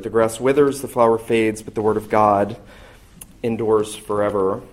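A pastor in his thirties, a man, preaching a sermon in an earnest, emphatic way, slowing down to stress key phrases. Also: fairly low pitch, steady tone.

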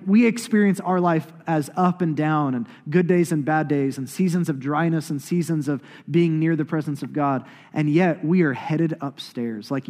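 A man in his thirties preaching a sermon as pastor, building to loud emphatic peaks and dropping to hushed whispers. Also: a little high. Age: 30s. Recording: long hall reverb.

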